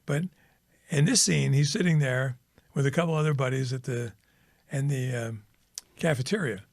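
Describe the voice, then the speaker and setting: A man co-hosting a podcast, telling a story in a casual, animated way and acting out the characters. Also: normal speed, creaky, no echo, clean studio sound. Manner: animated storyteller, acts out characters with pitch jumps. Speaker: podcast co-host. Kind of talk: casual chat, retelling a film joke.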